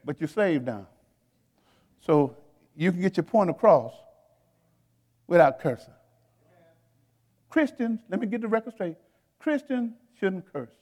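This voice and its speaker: A man's voice: high voice, very animated, unhurried, pauses often, a little mellow, in a large hall. A man preaching a sermon to his congregation in a folksy, conversational way, talking straight to the crowd and laughing between points. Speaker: pastor.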